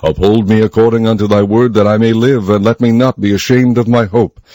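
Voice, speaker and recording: A man giving a solemn, measured scripted reading of scripture. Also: lowish voice, fairly even intonation, warm tone, dry recording. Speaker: scripture reader.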